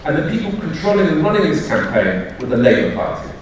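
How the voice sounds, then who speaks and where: A British man speaks at a conference in a loose, storytelling way, pausing on fillers and correcting himself as he goes. He is heard from some way off the microphone, and his voice rings through a large, echoing auditorium over a faint hum of room ambience. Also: on the high side, very animated. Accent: British English. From United Kingdom. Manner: loose, anecdotal, frequent fillers and self-corrections. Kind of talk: live talk to an audience. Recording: echoey hall, speaker far from mic.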